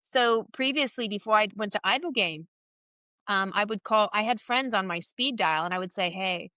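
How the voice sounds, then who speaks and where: Bright-voiced woman in her thirties. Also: mid-range voice, moderate pace, no room sound, studio quality. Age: 30s. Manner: open and emphatic, animated with swearing. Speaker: podcast guest. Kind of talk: candid interview conversation.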